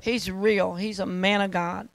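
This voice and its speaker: A woman's voice: medium pitch, fairly even intonation, unhurried, creaky, slight background noise, poor audio. A woman preacher telling a testimony in a rambling, fervent sermon that repeats itself.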